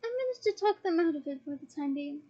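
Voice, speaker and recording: Brief: woman reading as a gossipy teen schoolgirl, high, eager, slightly muffled audio. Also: animated, quick pace, dark tone. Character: gossipy chatty teenage schoolgirl. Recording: dull lo-fi recording.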